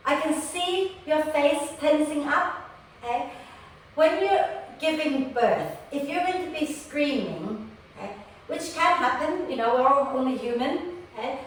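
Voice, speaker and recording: A woman guides a prenatal yoga class in a gentle, patient manner, checking in with "okay?" after nearly every cue. Her voice sits a little high. She is heard a bit away from the microphone in a strongly echoing room, with faint ambient noise behind her. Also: lively intonation, unhurried, recorded from a distance. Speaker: yoga teacher. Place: room recorded for an online class.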